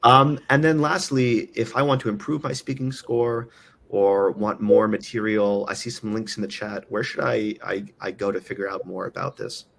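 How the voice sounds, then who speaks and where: A man's voice: on the low side, steady tone, moderate pace, vocal fry, a bit bright, slight background noise. A man moderating a webinar, reading out audience questions in a brief, upbeat way over a video call.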